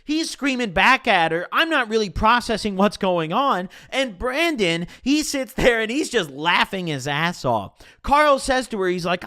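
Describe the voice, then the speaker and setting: A young man telling a casual, profane story in his own voice. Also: sits high. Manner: casual and profane, animated retelling.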